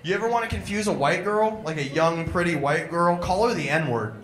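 A young man with a high, bright, edgy voice tears through a crude, irreverent stand-up set. His delivery is blunt and mocking. The sound bounces around an echoey club room. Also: fairly quick. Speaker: stand-up comedian. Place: comedy club stage.

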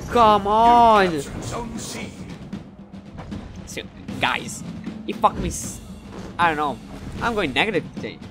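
Lively, excitable male gamer. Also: high voice. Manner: excitable, swears, loudly frustrated during matches; calmer and hesitant when reflecting after the match. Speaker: gameplay commentator. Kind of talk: live gameplay commentary.

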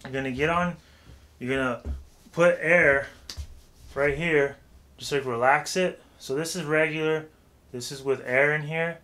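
A man giving a casual vocal warm-up tutorial, talking loosely with lots of filler phrases. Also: fairly high pitch, fairly even intonation, a little slow, long pauses. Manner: loose and chatty, heavy with "like" and "you know what I'm saying".

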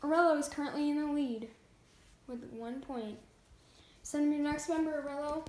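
A woman hosting a pretend competition show, playful and halting, with frequent fillers. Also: high-pitched, darkish tone, roomy sound, slight background noise, low-quality recording. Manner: halting, with many fillers and restarts. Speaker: host of a toy competition show.

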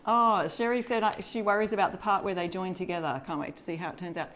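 This is an Australian woman with a slightly low voice, walking viewers through a craft project live. She chats easily and reads out viewer comments as she goes. A faint background hum sits under her voice. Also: fairly even intonation, fast talker, fairly bright tone. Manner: chatty, greets and reads out viewer comments while working. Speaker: DIY crafter hosting a live stencil demo. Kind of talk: casual live tutorial.

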